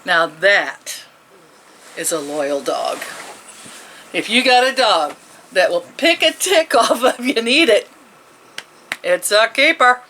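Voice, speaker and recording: Woman, 60s, vlogger; bright, forceful tone, rambling chatty delivery with frequent chuckles. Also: mid-range voice, big pitch swings, takes it slowly, long pauses, a little hiss or hum, rough recording. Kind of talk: casual chat.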